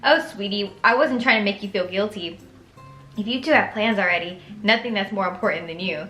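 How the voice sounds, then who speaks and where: A young woman voicing a caring middle-aged mother from a story game, speaking softly and gently. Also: medium pitch, a little fast, echoey room, faint music behind, close to an everyday voice.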